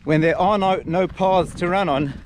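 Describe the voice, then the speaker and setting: A man's voice: sits high, moderate pace, slight background noise. A man guiding a trail run and narrating a vlog on desert hills, upbeat and joking as he explains the landmarks. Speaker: trail running tour guide. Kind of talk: outdoor vlog commentary.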